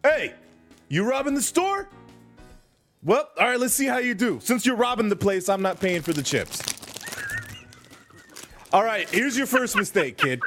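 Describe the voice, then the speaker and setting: A profane, bossy ghost of an ex-convict, put on by a man. He lectures with a bouncing, animated voice that sits fairly high for a man. He is swaggering and blunt. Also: a little slow, pauses often, faint music behind, exaggerated voice. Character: gruff male ghost ex-con convenience store regular.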